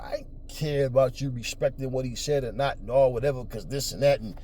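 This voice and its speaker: A man's voice: mid-range voice, steady tone, fairly quick, few pauses, mellow. A middle-aged man hosting a boxing talk show, ranting profanely and confrontationally at his audience and mocking their voices. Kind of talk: ranting commentary.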